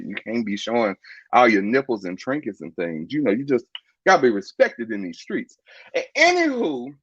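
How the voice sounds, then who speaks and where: Male podcast host, playful and campy, slightly high voice, dry muffled call audio. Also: no room sound. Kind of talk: casual chat.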